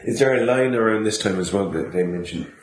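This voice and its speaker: A man co-hosting a casual film podcast, giving short agreeing replies and halting asides. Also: fairly low pitch, animated, a little hiss or hum. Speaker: podcast co-host. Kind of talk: casual film review chat. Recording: echoey room.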